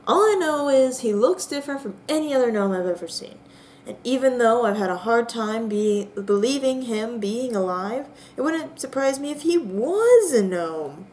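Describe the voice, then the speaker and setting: A young woman narrating a text adventure game with bemused, drawn-out comic disbelief. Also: a little high, expressive, a little mellow, slight background noise. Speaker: player and narrator.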